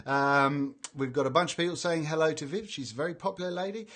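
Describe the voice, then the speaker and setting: A man's voice: a little high, quick pace, fairly bright tone. A man hosting a casual live stream, reading out viewer greetings in a chatty way and stumbling over names. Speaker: livestream host reading chat.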